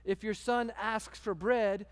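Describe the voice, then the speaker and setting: A man, a guest preacher telling a story in a conversational, animated way. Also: sits high, slow pace, clean tone. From Texas. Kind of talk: sermon storytelling. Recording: long hall reverb.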